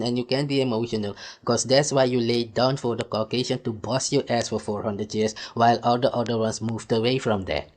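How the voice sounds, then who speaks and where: Man, ranting commentary, scornful, mocking laughs, mid-pitched voice. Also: fairly even intonation, brisk, few pauses. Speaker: commentator reacting to a clip.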